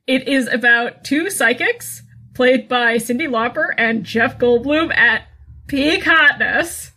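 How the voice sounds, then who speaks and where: A woman in her thirties co-hosts a casual podcast, teasing and wry and quick to laugh. Her voice is bright and a little high. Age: 30s. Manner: wry, teasing, laughs often, some swearing. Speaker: podcast co-host. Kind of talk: casual chat.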